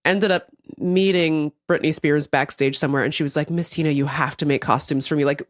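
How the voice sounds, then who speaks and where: A woman's voice: deep voice, steady tone, a little fast, no room sound, clean studio sound. A young adult woman from the Seattle area, co-hosting a podcast in casual chat and acting out quotes as she tells a story. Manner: chatty storyteller, acts out quotes. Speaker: podcast co-host.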